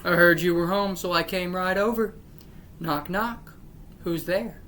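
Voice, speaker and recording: A woman's voice: lowish voice, measured pace, fairly bright tone, slight background noise. A woman hosting her channel, reading jokes aloud one after another and grumbling that they are not funny. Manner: unimpressed, breaks off to grumble about the jokes. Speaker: channel host.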